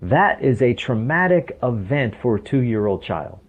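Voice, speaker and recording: A man's voice: mid-range voice, big pitch swings, unhurried. A man speaking as a podcast guest, explaining emphatically and often asking rhetorical questions. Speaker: podcast guest, stress coach. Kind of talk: explanatory interview talk. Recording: tinny phone-like line.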